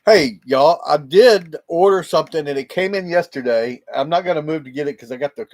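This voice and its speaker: On a livestream, a male host chats casually with his viewers through a laptop microphone. His voice is fairly high and a bit dark in tone, and he talks fairly quickly, rambling and laughing a lot.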